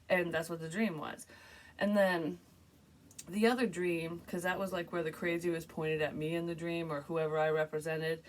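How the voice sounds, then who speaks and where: A woman's voice: deep voice, normal speed. A woman psychic casually retelling a strange dream to camera, rambling, swearing and filling with "like". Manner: rambling, animated, swears freely, frequent "like" fillers. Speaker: psychic medium sharing a dream.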